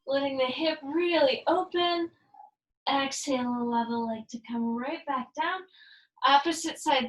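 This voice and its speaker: A woman instructor leading a yoga and fitness class, calmly cueing each movement and counting reps down, sometimes adding Spanish phrases. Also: high voice, echoey room, rough recording. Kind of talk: guided workout instruction with counting.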